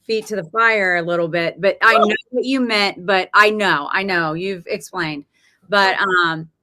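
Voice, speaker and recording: A middle-aged woman hosting a live chat show over a video call, an animated storyteller with folksy exclamations. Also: mid-range voice, measured pace. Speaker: host. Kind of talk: casual live-stream chat.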